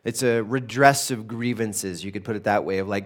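A male pastor teaching a sermon in a conversational, emphatic way, slowing down to read scripture aloud. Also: on the low side.

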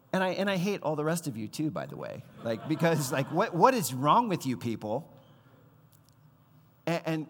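A man in his thirties preaching a sermon as pastor, conversational and animated, acting out the voices he quotes. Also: medium pitch. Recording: long hall reverb.

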